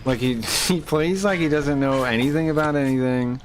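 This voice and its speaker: A man's voice: medium pitch, moderate pace, slight background noise. Heated, profane male streamer ranting. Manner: heated, profane, rambling with restarts. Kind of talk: ranting live-stream chat while gaming.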